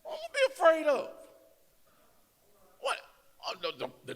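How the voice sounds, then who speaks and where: A man speaking as a guest in a church, preaching emphatically and rising to shouts in a folksy way. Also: very high-pitched, huge pitch swings, a little slow, creaky, pauses often. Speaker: guest speaker, elected official. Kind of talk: fiery preaching. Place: church sanctuary. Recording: long church reverb.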